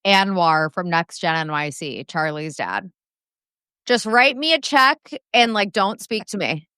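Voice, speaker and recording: A young woman co-hosting a pop culture podcast, talking loosely and filling gaps with "like". Her voice is bright and smooth. The recording is dry and close. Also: fairly low pitch, sing-song, measured pace, no room sound. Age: young adult. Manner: chatty, lots of "like", swears. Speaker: podcast co-host. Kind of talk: casual pop culture chat.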